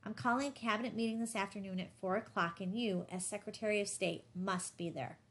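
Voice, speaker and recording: A woman's voice: mid-range voice, steady tone, brisk, a bit bright, lightly acted. A woman reading a restless, brooding young man. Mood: playful. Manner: musing, mock-commanding. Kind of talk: audiobook dialogue reading.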